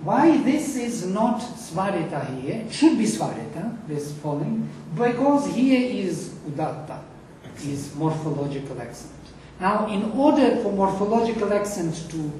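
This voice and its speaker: Warm in tone, high-pitched and sing-song, this man is a Sanskrit teacher chanting Vedic verses slowly and passionately in a lecture. He's far from the mic in a reverberant room, and faint noise can be heard.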